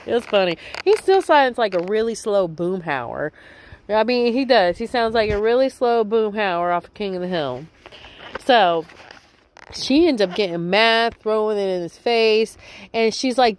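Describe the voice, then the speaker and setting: A woman's voice: mid-range voice, expressive, a little slow. A woman casually recapping a reality show episode, rambling and chatty, with lots of filler words.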